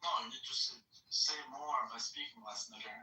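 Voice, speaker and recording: A man's voice: mid-range voice, moderate pace, bright, forceful tone, slight background noise. A man trading crude taunts and trash talk as a guest in casual podcast banter. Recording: roomy distant mic.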